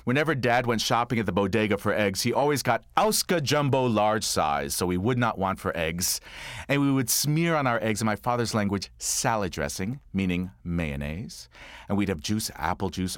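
A man with a low voice performs a comic one-man monologue, his pitch swinging widely as he tells his story. He drops in dry, deadpan asides along the way. The recording is close and dry, with no room echo. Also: normal speed. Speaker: comedic monologuist.

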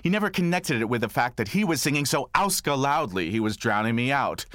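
A man telling a comic story from his childhood in a monologue, wry and animated. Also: medium pitch, fairly quick, no room sound. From New York. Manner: wry, animated, dry humor.

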